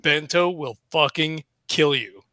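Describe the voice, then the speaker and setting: A man's voice: fairly high pitch, measured pace, sharp tone. A man playing an exasperated, stern male bodyguard in a tabletop game.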